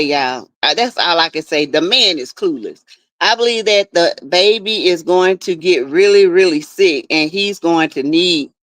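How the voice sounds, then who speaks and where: A woman's voice: lowish voice, no echo. A woman hosting a casual livestream from her backyard shed, greeting viewers by name and gossiping freely. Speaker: livestream host. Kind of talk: casual live chat with viewers.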